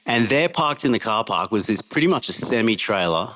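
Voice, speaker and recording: A man's voice: lowish voice, expressive, a little fast, a bit bright. Australian man spinning a laughing yarn. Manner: rambling, laughs often while telling. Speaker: podcast guest. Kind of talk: casual anecdotal storytelling.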